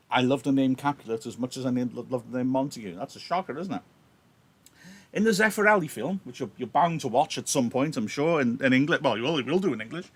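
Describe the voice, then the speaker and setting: A man's voice: mid-range voice, fairly quick, slightly rough. A male teacher, chatty and apologetic, explaining a play on a livestream through his laptop, his throat a little sore. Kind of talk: livestreamed reading lesson with analysis.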